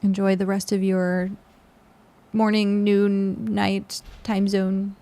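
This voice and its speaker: A woman's voice: mid-range voice, completely flat delivery, slow pace, mellow. A woman game streamer chatting casually with her viewers, tired and congested, with lots of fillers. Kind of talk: casual live-stream chat.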